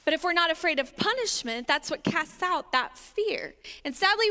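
A high, bright woman delivers a sermon, chatty and animated as she acts out little everyday scenes. Her voice rings with the long reverb of a large hall. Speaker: preacher.

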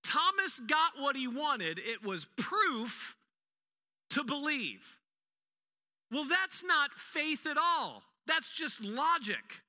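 A male pastor giving a sermon, an animated storyteller who acts out quotes with humor, in an echoey hall. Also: extremely high pitch, slow.

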